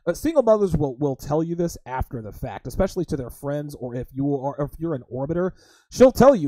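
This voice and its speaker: Brash male podcast host, lively pitch. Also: a little fast, no room sound. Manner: crude, emphatic, keeps addressing listeners as guys. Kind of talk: livestream podcast talk.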